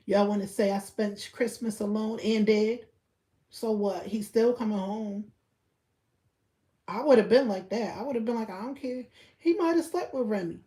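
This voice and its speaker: A young woman giving blunt, profane gossip commentary on a live stream, repeating her points and breaking into loud laughter. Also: medium pitch. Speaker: livestreamer.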